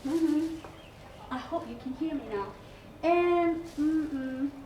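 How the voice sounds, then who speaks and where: A woman whose voice sits high, with a slow pace and dark tone, teaches an English class lesson on school TV in a Hong Kong English accent. She explains step by step, spells words out letter by letter and leans on many fillers. Recorded from a distance, off-mic in an echoey school room, with faint hiss.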